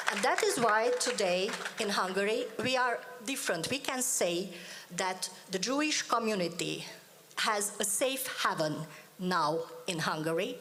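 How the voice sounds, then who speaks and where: A woman speaking on a conference panel in a deliberate, emphatic way. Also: mid-range voice, fairly bright tone, a little hiss or hum.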